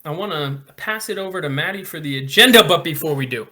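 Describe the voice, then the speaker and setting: A man hosts a laid-back podcast with a bright, forceful tone. He talks in an upbeat, easy way. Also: fairly high pitch, lively intonation, fast talker. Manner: upbeat, pushes likes and subscribes. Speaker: podcast host. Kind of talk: casual podcast chat.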